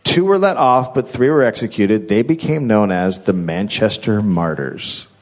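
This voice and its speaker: A man's voice: lowish voice, expressive, normal speed. A man hosting a live comedy podcast, reading out a history story from notes with dry, wry asides. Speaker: host and storyteller. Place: live stage before an audience.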